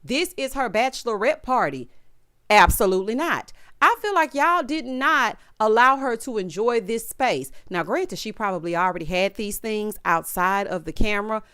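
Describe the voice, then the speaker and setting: A woman's voice: medium pitch, expressive, normal speed, fairly bright tone, smooth, dry recording, clean studio sound. A woman giving a sassy, opinionated recap of a reality show and talking straight to her viewers. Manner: sassy, talks to viewers directly, acts out cast members' lines.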